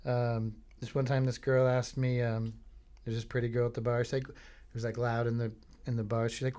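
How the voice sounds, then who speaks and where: A man from Florida hosting a podcast, telling meandering comic stories in a deadpan, filler-heavy way. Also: mid-range voice, moderate pace, clean tone. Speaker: podcast host. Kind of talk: rambling comic monologue.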